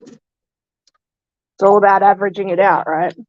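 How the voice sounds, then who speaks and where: A woman chats casually on a home stream while tending her fish tanks, chatty and self-deprecating. Her voice sits at a middle pitch. The sound is dry and slightly muffled. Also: steady tone, unhurried, dry recording.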